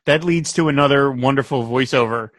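A man co-hosting a casual chat, animated, laughing often and quoting lines. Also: medium pitch, fairly quick, no room sound, clean studio sound. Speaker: podcast co-host.

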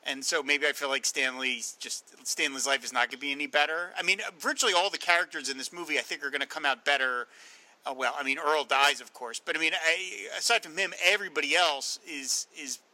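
A man's voice: on the high side, a little fast, pushed and bright, low-quality recording. A man giving his opinions on a film podcast in casual talk, hedging with "I mean" and "kind of" as he goes. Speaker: podcast panelist.

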